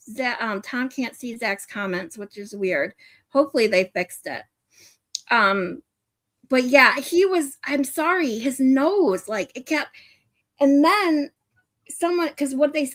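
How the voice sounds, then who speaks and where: Woman streamer, casual and profane, slightly high voice, dry close sound. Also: no room sound. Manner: chatty, laughs often, swears freely. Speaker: livestream host.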